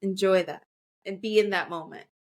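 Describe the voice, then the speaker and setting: A woman's voice: mid-range voice, moderate pace. A woman co-hosting a podcast in casual chat, talking in a reflective, rambling way with many fillers. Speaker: podcast co-host.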